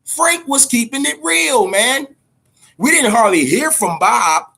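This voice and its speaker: A man holds forth on a boxing talk show in a loose, heated rant full of swearing. His voice sits high and comes across bright and forceful. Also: lively intonation, slow pace, vocal fry, husky. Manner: profane, heated ranting. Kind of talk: casual boxing commentary.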